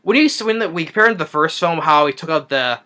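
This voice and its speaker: A man's voice: on the high side, lively intonation, quick pace, sharp tone. A man giving a rambling, sarcastic movie review rant, recapping the plot with frequent restarts.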